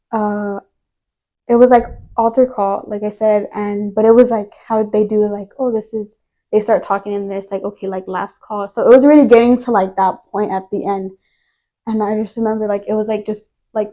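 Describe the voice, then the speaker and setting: A woman's voice: mid-range voice, mellow. A young woman giving a personal faith testimony as a podcast guest, telling it earnestly in a rambling way full of filler words.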